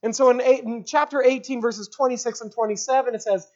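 A woman's voice: on the high side, steady tone, brisk, darkish tone, dull audio. A woman preaching an expository sermon, stressing her points, asking rhetorical questions and repeating key phrases.

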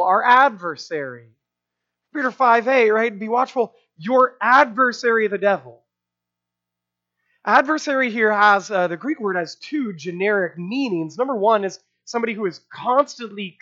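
A man's voice: sits high, a bit bright, muffled recording. A man preaching a sermon, emphatic, with rhetorical asides and repeated phrases. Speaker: pastor.

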